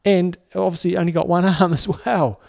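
A man's voice: high-pitched, fairly even intonation, fairly quick, gravelly, darkish tone, dry recording, studio quality. A man co-hosting a sports podcast, explaining things in a chatty way with friendly asides. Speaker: podcast co-host. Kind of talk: casual podcast chat.

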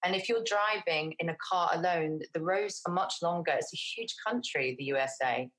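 A middle-aged woman from England chats as an interview guest in a slightly low voice. She rambles, restarts her sentences and fills pauses with little fillers. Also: fairly bright tone, poor audio. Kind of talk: casual interview conversation.

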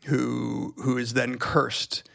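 A man's voice: mid-range voice, flat delivery, gravelly, a bit bright, dry recording, clean studio sound. A middle-aged man in a casual film discussion, hesitating and repeating words as he thinks aloud. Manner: halting, repeats words while searching for thoughts. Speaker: podcast panelist.

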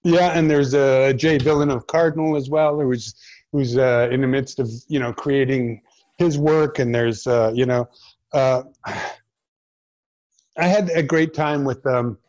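A man's voice: medium pitch, fairly even intonation, a little slow, a little mellow, no echo, highs cut off. A middle-aged man, an actor guest in a casual chat, speaking earnestly and bluntly.

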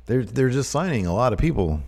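A man's voice: mid-range voice, sing-song, brisk, gravelly, a little mellow, husky. A man co-hosting a wrestling podcast, chatting casually and joking around. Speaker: podcast co-host.

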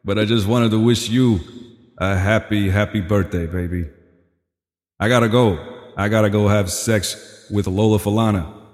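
A man's voice: on the low side, fairly even intonation, moderate pace, a little mellow, in a large hall, close to an everyday voice. A man putting on the voice of a late soul singer's ghost, calling from the afterlife with a drawling birthday greeting. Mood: teasing.

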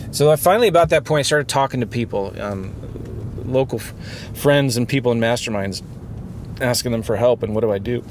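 A man of middle pitch hosting a podcast from inside his car. He talks in an earnest, confessional way, rambling through his thoughts with plenty of ums and restarts. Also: darkish tone, a little hiss or hum. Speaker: podcast host. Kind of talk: candid podcast monologue.

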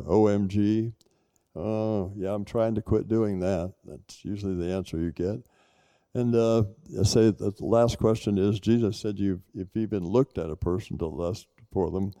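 A low, very dark and mellow male voice that speaks plainly and conversationally, slipping into other people's lines as he tells how a talk goes. The sound is dry and close. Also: dry recording. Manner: plain conversational, acts out dialogue. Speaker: lay leader on a panel. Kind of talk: panel talk on evangelism.

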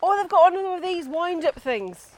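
A woman's voice: very high voice, lively intonation, a little fast. A woman podcast co-host chatting casually and self-mockingly while walking in the countryside. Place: outdoors, countryside walk.

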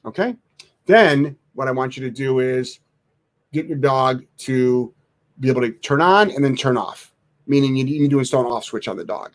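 A man who trains dogs, answering live chat questions bluntly, swearing freely and mocking soft owners in a sing-song voice. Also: medium pitch, moderate pace. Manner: blunt, profane, animated, mocks in a sing-song voice. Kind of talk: casual live Q&A.

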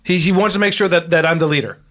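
A man's voice: fairly high pitch, fast, a bit bright, lightly acted. A man playing a flustered intelligence agent who stammers and swears in an improv comedy scene. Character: panicking male foreign intelligence agent.

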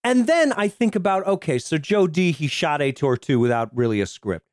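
Excitable, profane man riffing on bad films. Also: on the high side, moderate pace, dry recording, clean studio sound. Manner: excitable, profane, laughs often, acts out quotes. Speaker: podcast co-host. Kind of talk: casual film review chat.

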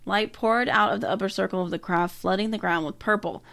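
A woman's voice: medium pitch, fairly even intonation, brisk, creaky, fairly bright tone. A woman reading a story aloud to a co-host in casual chat, breaking off with laughing asides and quips. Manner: laughs often, reacts with quips and joking asides. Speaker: podcast co-host.

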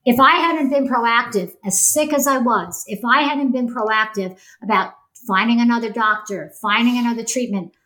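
A woman's voice: fairly high pitch, normal speed, few pauses, a bit bright, poor audio. A woman in her sixties, a podcast guest, talking in an earnest and emphatic way. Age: 60s. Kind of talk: casual podcast conversation.

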